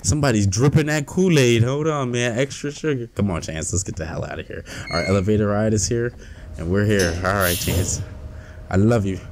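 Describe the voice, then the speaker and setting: Gaming streamer man, low voice, excitable running commentary. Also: a little fast, a little hiss or hum. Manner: excitable, talks to his in-game companion, trash-talks. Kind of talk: let's play commentary.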